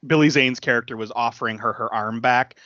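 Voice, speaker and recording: A man co-hosting a podcast, recapping a movie in casual chat and jumping up in pitch whenever he quotes a character. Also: a little fast, no room sound, lo-fi sound. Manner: animated retelling, jumps up in pitch for quoted characters, laughs often. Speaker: podcast co-host.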